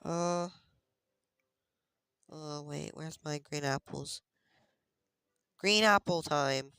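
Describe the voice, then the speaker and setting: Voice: medium pitch, drawn-out words, bright, forceful tone, clear, resonant tone, no room sound, studio quality. A streamer chatting casually over gameplay, muttering item names in sing-song repeats and talking to themself.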